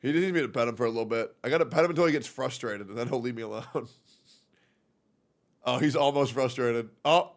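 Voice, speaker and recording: A young man streaming from home, chatting casually with his viewers, swearing freely, and cooing in soft baby talk to his cat. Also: mid-range voice, fast. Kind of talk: casual live-stream chat.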